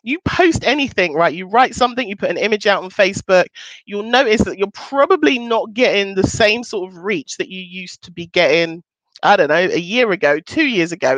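A business coach in her thirties hosts her casual weekly livestream, chatting upbeat with viewers and swooping up in pitch for emphasis. The recording is rough with no room sound.

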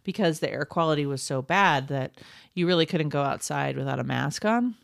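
A middle-aged woman co-hosting a podcast, chatty and quick to laugh, often correcting herself mid-sentence. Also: sits low, expressive, vocal fry, dry recording. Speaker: podcast co-host. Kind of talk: casual chat.

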